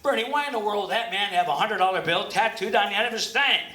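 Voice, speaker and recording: A man's voice: sits high, quick pace, bright, forceful tone. A man in his seventies, a ventriloquist comedian, playing the scolding straight man and telling folksy stories in a stand-up act. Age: 70s. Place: comedy club stage. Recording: echoey club, far from the mic, audience noise. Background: audience noise.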